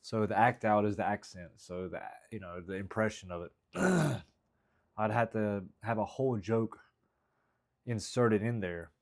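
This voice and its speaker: A man comedian casually thinking out loud about his jokes, rambling with plenty of hesitant fillers. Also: lowish voice, unhurried, vocal fry. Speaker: stand-up comedian writing jokes. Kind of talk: casual vlog thinking aloud.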